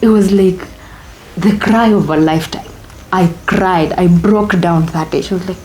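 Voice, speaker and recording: A woman's voice: on the low side, moderate pace, background noise. A young woman with a Kenyan accent, telling her own story as an interview guest, candid and reflective, slipping Swahili phrases into her English.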